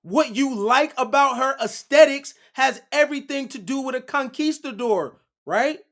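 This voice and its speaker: A man's voice: very high-pitched, lively intonation, fairly bright tone. A man hosting a casual livestream, lecturing his viewers with a preachy run of rhetorical questions and repeated "right?" checks. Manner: slow and deliberate. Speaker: livestream host.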